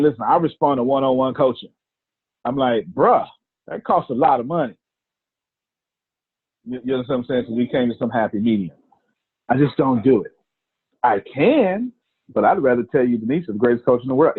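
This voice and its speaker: Husky-voiced man on a tinny line. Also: mid-range voice, dry recording. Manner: animated storytelling, repeats phrases for emphasis. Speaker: business speaker and coach. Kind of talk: casual coaching talk.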